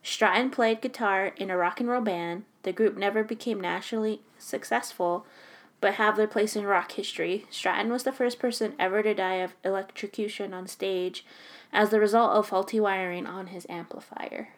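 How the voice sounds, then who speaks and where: A woman's voice: mid-range voice, steady tone, normal speed. A woman reading trivia aloud in a casual chat, giggling and losing track as she goes.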